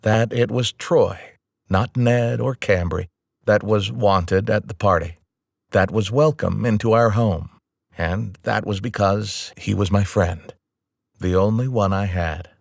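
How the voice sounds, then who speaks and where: A man's voice: on the low side, measured pace, gravelly, darkish tone, no echo, studio quality. A man reading a novel aloud as a first-person audiobook narrator, in a plain, conversational storytelling manner.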